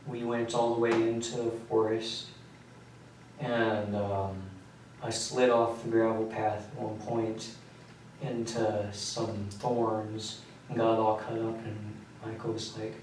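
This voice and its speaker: Teen male suspect, halting and quiet; distant mic, echoey room, faint hiss. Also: on the low side. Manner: quiet, halting, with many fillers. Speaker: suspect under interrogation. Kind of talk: recounting events in a police interview. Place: interrogation room.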